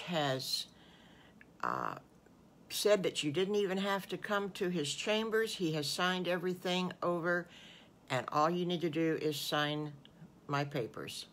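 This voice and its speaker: An older woman, a great-grandmother, telling an improvised children's story slowly with homely asides to the little listeners over a video call. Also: lowish voice, fairly bright tone, a little hiss or hum. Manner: slow, homely, addressing children with small asides.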